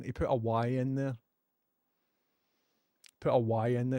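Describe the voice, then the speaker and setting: A man's voice: mid-range voice, flat delivery, measured pace, pauses often, dark tone, dry recording. Scottish male streamer, casual and joking, dry close-miked sound. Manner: chatty, joking, laughs often. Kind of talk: casual live-stream chat.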